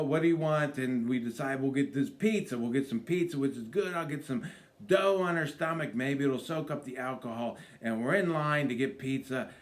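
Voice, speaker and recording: Animated man telling a comic story. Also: medium pitch. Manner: animated storyteller, acts out voices. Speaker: stand-up comedian. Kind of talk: comic road story told to camera.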